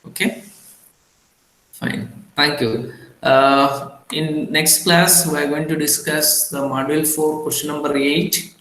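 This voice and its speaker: Male lecturer from India, slow and halting with frequent fillers, bright tone, recorded in an echoey room. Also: on the high side, steady tone. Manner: halting, many fillers and restarts.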